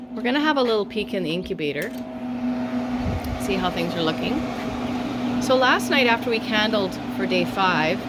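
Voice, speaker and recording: A woman's voice: mid-range voice, very noisy. A woman vlogging from her farm, casually explaining animal care and coaxing her animals along. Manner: chatty, coaxing talk to animals. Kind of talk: casual instructional vlog.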